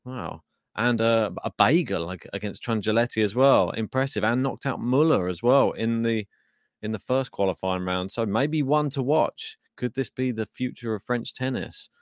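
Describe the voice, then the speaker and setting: A man's voice: medium pitch, normal speed, no echo. Male podcast host, loose chatty delivery, dry close sound. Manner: chatty, thinking aloud with fillers. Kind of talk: casual tennis preview chat.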